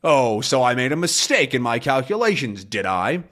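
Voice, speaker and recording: A man reading a comic aloud, voicing a gruff, irritable male sea captain who talks in a blustering, sarcastic way. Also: medium pitch, big pitch swings, normal speed, fairly bright tone. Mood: indignant.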